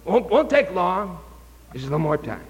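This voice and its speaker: Preacher doing high eager stammery young guy making excuses, hall echo. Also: very animated, moderate pace, muffled recording, a little hiss or hum. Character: eager young man, a stammering insurance salesman always stalling.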